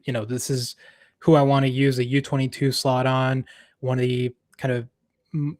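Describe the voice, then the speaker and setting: A man's voice: mid-range voice, no room sound, clean studio sound. A man on a casual sports podcast, easygoing and explanatory. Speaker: podcast co-host. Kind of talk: casual chat.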